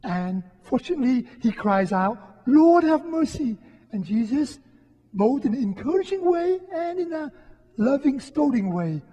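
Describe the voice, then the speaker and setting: A priest delivers a homily in a soft, husky, mellow voice. He speaks gently and reflectively, pausing often. The sound rings with the long reverb of a church. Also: very high-pitched, lively intonation, highs cut off. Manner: gentle, reflective, with frequent pauses. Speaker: Catholic priest giving a homily. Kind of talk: sermon. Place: church during Mass.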